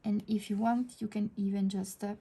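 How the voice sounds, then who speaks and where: A woman with an Italian accent talking through a drawing tutorial, soft-spoken and hesitant with many fillers, sometimes dropping to a near whisper as she works. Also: mid-range voice, level tone, moderate pace, slightly rough. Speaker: digital art tutor.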